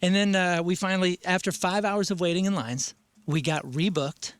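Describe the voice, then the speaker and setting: Male talk show host, lively storyteller who does voices, slightly high-pitched. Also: moderate pace, clean tone, no echo. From United States. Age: adult with kids. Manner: excited, acts out the people in his story with loud voices.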